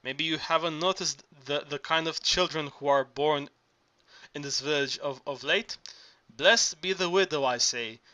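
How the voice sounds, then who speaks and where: A bawdy old village verger, read by a man, rambling and halting in a bright, forceful voice. the tone sits fairly high for a man. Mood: sly. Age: older.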